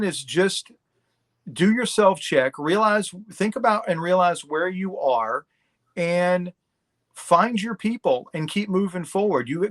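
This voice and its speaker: A man's voice: sits high, a bit bright. A middle-aged man talking candidly and bluntly as a guest in a casual interview. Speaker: podcast guest.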